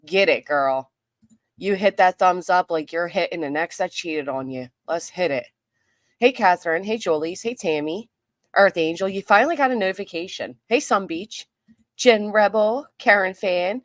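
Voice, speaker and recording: A woman's voice: on the low side, normal speed, no room sound, clean studio sound. A woman hosting a casual livestream, greeting viewers by name in a chatty way, her voice a little worn. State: losing her voice. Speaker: livestream host.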